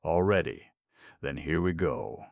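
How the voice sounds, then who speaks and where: Haughty elephant in a storybook, gravelly and very low, man reads it. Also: unhurried, no echo, heavily acted. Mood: bold. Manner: grumbling, haughty. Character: pompous elegant male elephant, blustering.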